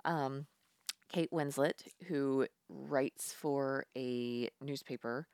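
Low-voiced blunt woman chatting. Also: drawn-out words, clear, resonant tone, no echo, clean studio sound. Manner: animated, blunt, swears freely. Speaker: podcast co-host. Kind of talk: casual chat.

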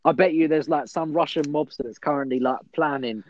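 A man's voice: on the high side, brisk, no room sound, muffled recording. A young man co-hosting a podcast, laid-back and agreeable. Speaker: podcast co-host. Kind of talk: casual podcast banter.

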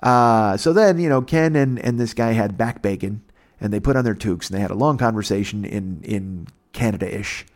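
An American man telling a long comic story in casual chat, animated and profane, putting on voices for the people in it. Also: medium pitch, fairly quick. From United States.

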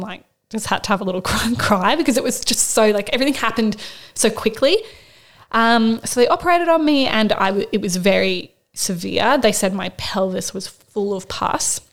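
Young woman, podcast co-host, candid and chatty, filler-heavy storytelling, mid-range pitch. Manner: candid, rambling, many fillers and "like". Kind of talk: casual storytelling chat.

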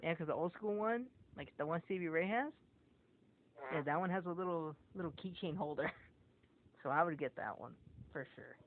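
A man's voice: a little high, moderate pace. A man in casual podcast chat, telling rambling, profane stories and acting out what people said. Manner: profane, rambling storyteller who acts out quotes. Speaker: podcast co-host. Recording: tinny phone-like audio with faint noise.

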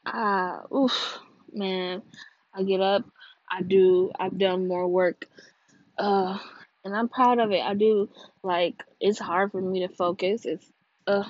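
A young woman from California hosting a casual gossip podcast on her own, rambling and cursing freely while high and sleepy, her voice swinging between loud bursts and low mumbles. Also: steady tone, slow pace, pauses often, no room sound. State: high and drowsy. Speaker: podcast host. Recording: dull dry lo-fi sound.

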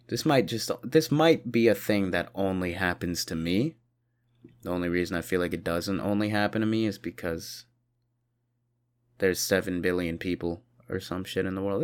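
A young man hosting a solo podcast, rambling and swearing, with sudden loud mock-indignant bursts. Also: low voice, lively intonation, normal speed. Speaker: podcast host. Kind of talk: solo comedic rant.

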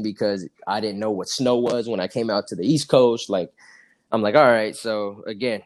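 A young man from California, a guest on a podcast, tells his story casually, acting out the dialogue and laughing often. His voice is fairly low and his speed normal.

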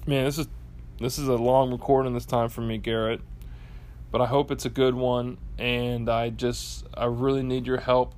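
A man's voice: mid-range voice, little pitch movement, normal speed, a little mellow. A young adult man, rambling anxiously and playfully in a long voicemail to his co-host, full of fillers. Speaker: podcast co-host leaving a voicemail.

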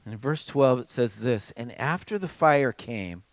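A man preaching a sermon as pastor, with dramatic swings between raised passages and hushed, almost whispered lines. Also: mid-range voice, sing-song, moderate pace, few pauses, no room sound.

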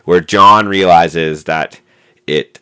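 A man's voice: low-pitched, steady tone, takes it slowly, sharp tone, clear, resonant tone. A man co-hosting a podcast, chatting casually about a movie, rambling with lots of fillers and restarts. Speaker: podcast co-host. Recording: noisy amateur mic recording.

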